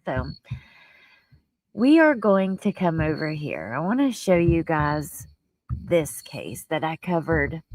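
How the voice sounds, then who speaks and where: A woman with a fairly low voice hosts a casual livestream commentary. She speaks earnestly and chats directly with her viewers, openly emotional at times. The sound is close and dry, with no room echo. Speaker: livestream host. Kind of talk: casual livestream commentary reading news and chat.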